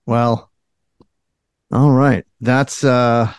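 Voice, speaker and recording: A man's voice: medium pitch, very animated, brisk, no echo, studio quality. A middle-aged man co-hosting a podcast, chatting casually, laughing and getting emotional. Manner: laughing, emotional, warm thanks. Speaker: podcast co-host. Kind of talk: casual chat.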